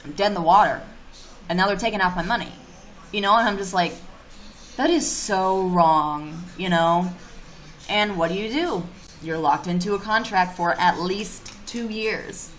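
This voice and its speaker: A woman's voice: medium pitch, normal speed, fairly bright tone, slight background noise. A woman livestreaming casual chat, reading viewer comments and ranting bluntly with plenty of swearing. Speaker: YouTuber streaming live.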